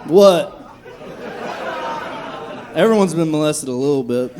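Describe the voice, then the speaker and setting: A man from Texas performing a live stand-up set on a comedy club stage, with profane, dark, self-mocking jokes. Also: on the high side, animated, slow, a crowd in the background, noisy background. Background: audience laughter.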